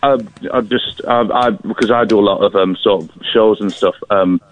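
A man's voice: fairly low pitch, steady tone, normal speed. A man calling in to a radio show, polite and stammering, heard over a phone line. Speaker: caller; singing teacher. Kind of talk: phone-in call. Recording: dry, dull phone-in line.

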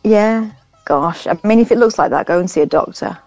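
A woman's voice: mid-range voice, brisk, darkish tone, dry recording, soft background music. A woman co-hosting a radio show, reading out news stories with dry, sarcastic asides. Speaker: radio co-host. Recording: muffled radio studio sound.

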